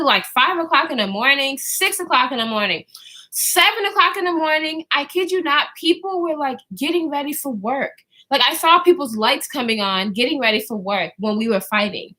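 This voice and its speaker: A young woman vlogger telling a storytime in a casual, animated way, laughing often, swearing, and acting out the people she quotes. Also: sits high. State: out of breath at times. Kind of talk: storytime vlog.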